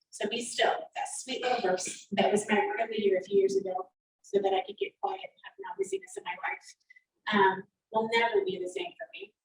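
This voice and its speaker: A woman church elder teaching from the Bible with animated, emphatic readings, heard over a video call. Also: fairly high pitch, recorded from a distance. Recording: echoey video-call audio from off the mic.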